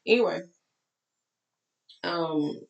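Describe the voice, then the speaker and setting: A woman's voice: lowish voice, drawn-out words, gravelly, echoey room, dull audio. A woman life coach with a Texas accent, talking candidly to her followers in a tired voice that keeps cracking. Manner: candid, chatty, preachy asides. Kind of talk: casual talk to followers.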